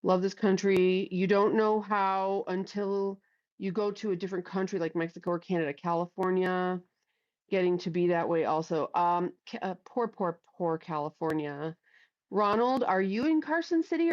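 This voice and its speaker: A woman's voice: fairly low pitch, moderate pace, lo-fi sound. A middle-aged woman hosting a casual livestream on a headset, chatting bluntly with plenty of swearing and reading out viewers' comments. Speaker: livestream host. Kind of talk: casual live chat. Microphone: headphones with mic.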